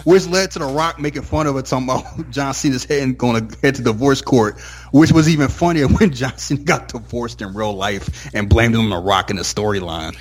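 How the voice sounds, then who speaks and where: Here a medium-pitched man speaks a little fast as co-host of a relaxed chat podcast. His storytelling is easygoing, and he often slips into mimicking others.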